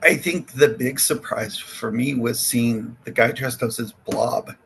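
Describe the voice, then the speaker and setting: A man chats casually as a podcast guest, with a gravelly, creaky edge to his mid-range voice. He animates his stories by playing out both sides of conversations and laughs often. Faint background noise sits under the recording. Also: medium pitch, a little slow. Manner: animated storyteller who acts out quoted exchanges, laughing often. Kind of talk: casual chat.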